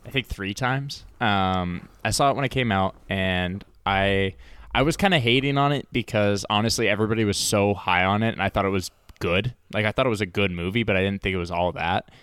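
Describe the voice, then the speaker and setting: A man's voice: on the low side, a little fast, a bit bright, smooth, dry recording. A man co-hosting a casual podcast, talking laid-back about a movie with plenty of swearing and "dude.". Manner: laid-back, profane, says "bro" and "dude". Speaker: podcast co-host. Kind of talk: casual movie review chat.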